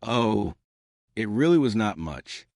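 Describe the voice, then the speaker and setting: A man reading aloud and voicing a gentle, earnest young Marine private who speaks politely and tries to calm others. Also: fairly low pitch, takes it slowly, vocal fry, dry recording, studio quality, full character voice.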